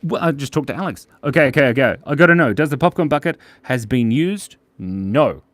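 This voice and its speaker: A man's voice: mid-range voice, expressive, fairly quick, no room sound. Playful man chatting while drawing. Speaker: host and illustrator. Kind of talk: casual live-stream drawing chat.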